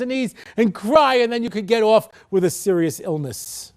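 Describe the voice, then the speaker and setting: A man in his sixties giving a humorous lecture as a rabbi, telling wry, animated stories with comic voices. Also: very high voice, brisk, few pauses.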